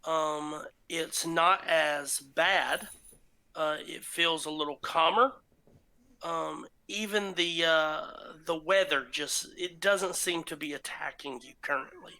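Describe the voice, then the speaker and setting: Man as game master, slow unhurried narration, bright tone, lots of ums. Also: fairly high pitch, smooth. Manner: slow, halting, many ums and uhs.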